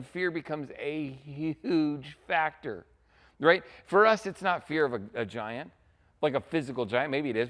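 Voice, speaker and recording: A man's voice: medium pitch, a bit bright. A man preaching a sermon as a pastor, in a casual, conversational way, often checking in with "right?".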